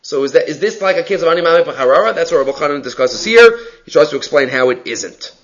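A man teaching a text study class, reading passages aloud and explaining them in a relaxed, conversational way. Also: fairly high pitch, fast, muffled recording. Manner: answers student questions. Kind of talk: Talmud class lecture.

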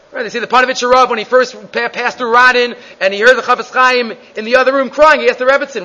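A man's voice: extremely high pitch, fast talker, hardly any pauses, bright, forceful tone. A man teaching a Gemara class, reading the Hebrew and Aramaic text in a sing-song chant and explaining it in English, with many restarts. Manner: reads Hebrew and Aramaic text aloud, then translates into English. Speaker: Talmud teacher. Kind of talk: Gemara shiur. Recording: dull lo-fi recording.

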